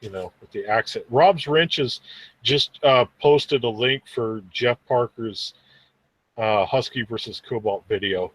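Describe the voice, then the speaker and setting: A man's voice: medium pitch, a little slow, a bit bright, dry recording. Easygoing man, dry close sound. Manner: easygoing, rambling, stammers into stories. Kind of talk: casual podcast chat.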